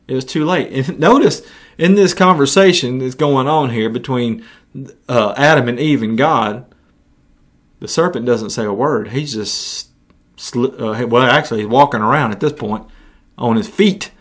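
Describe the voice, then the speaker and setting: A man's voice: mid-range voice, a little slow. Earnest male preacher, conversational sermon delivery with frequent restarts.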